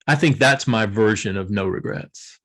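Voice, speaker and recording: A man's voice: on the low side, moderate pace, a bit bright. Earnest older man telling his story. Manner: earnest, storytelling, laughs often. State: tearful. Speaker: guest author. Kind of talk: emotional reflective interview talk.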